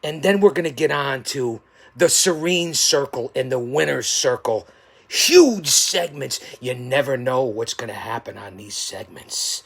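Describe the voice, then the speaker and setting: A man hosting a show, delivering a theatrical wrestling-style hype promo that swings from yelling to hushed threats. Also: medium pitch, expressive, measured pace, creaky, breathy edge, no room sound. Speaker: show host.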